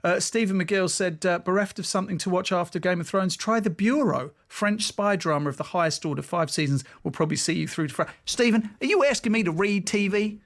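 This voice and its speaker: A man hosting a radio show, chatting casually with co-hosts and reading out listener messages with animated, mock-indignant banter. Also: high-pitched, fairly quick, few pauses.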